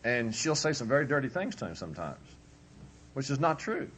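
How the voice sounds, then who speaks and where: A man's voice: mid-range voice, sing-song, fairly quick, fairly bright tone, slightly rough. A man giving a humorous, conversational marriage workshop as a preacher, acting out husband and wife as he talks. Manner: humorous, conversational, acts out both spouses. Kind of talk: folksy workshop lecture.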